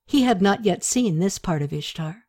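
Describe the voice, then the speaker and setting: A woman narrating an audiobook chapter with steady, expressive storytelling. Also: medium pitch, moderate pace.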